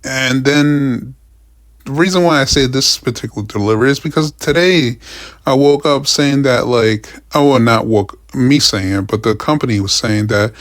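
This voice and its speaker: A man's voice: medium pitch, no room sound, studio quality. Swearing, frustrated young man ranting. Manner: profane, frustrated, rambling with restarts. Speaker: vlogger. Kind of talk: casual rant.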